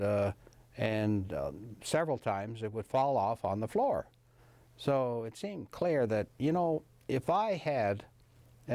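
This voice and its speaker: In a relaxed interview, an elderly anesthesiology professor reminisces about his career, his speech halting, wandering, and full of fillers. He has a fairly low, slightly mellow voice recorded with no echo.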